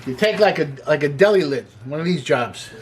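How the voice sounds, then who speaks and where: A man's voice: on the high side, expressive, a little fast, a little hiss or hum. A man hosting a casual cooking demonstration in a kitchen, chatty and enthusiastic, with joking asides. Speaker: cooking show host.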